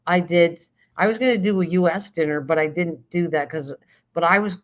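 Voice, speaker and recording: A woman's voice: on the low side, brisk. An older woman hosting a casual late-night chat, rambling and often restarting sentences while she searches for words. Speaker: livestream host. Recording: dull lo-fi stream audio.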